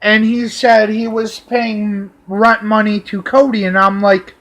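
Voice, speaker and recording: A man with an unusually high, bright voice, dragging each phrase out slowly as he vents. His tone is heated and full of curses, and he repeats himself as he builds up. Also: flat delivery. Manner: profane, heated, drawn-out delivery. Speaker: vlogger. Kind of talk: angry personal rant.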